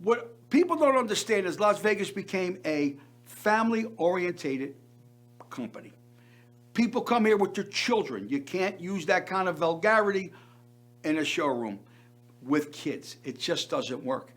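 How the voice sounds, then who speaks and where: A man's voice: high voice, animated, measured pace, fairly bright tone. An older man hosting a variety show, delivering an effusive showman's monologue and repeating words for emphasis.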